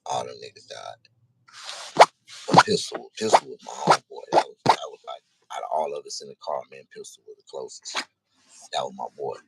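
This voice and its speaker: A man telling a personal story in casual, profane speech, halting and repeating himself. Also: a bass voice, gravelly, background noise.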